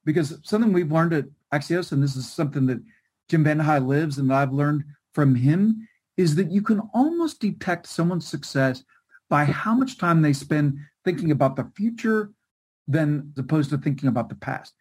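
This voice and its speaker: Husky, emphatic man explaining with energy. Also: fairly high pitch, lively intonation, normal speed, darkish tone. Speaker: guest, newsletter writer and co-author. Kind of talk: interview, explaining to a webcast audience.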